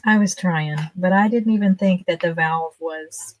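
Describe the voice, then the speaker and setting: A woman's voice: on the low side, unhurried, slight background noise. A woman in her fifties, a guest on a livestream, telling casual stories in a chatty way and laughing often. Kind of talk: casual storytelling.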